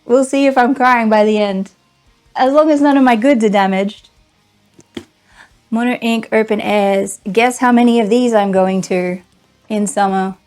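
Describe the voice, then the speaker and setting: A woman's voice: a little high, steady tone, measured pace, a little mellow, soft background music. A woman doing a casual unboxing vlog, sarcastic and exasperated, often laughing. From Australia. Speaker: vlogger.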